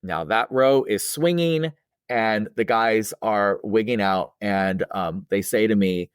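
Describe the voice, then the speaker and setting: A man's voice: fairly low pitch, slow, smooth, no room sound, studio quality. Rambling middle-aged man telling a story. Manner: rambling and conversational, with many fillers and restarts; acts out quoted dialogue in a raised, excited voice. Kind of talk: casual spoken ghost story.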